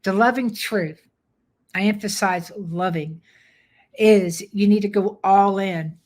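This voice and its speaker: An older woman dog trainer giving a live webinar pitch, firm, direct and plainspoken. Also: slow pace, darkish tone.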